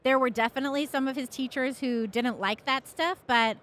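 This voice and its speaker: Frank, animated woman guest. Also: high voice, brisk, slight background noise. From United States. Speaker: guest, magazine editor. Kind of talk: casual interview talk. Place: live event floor.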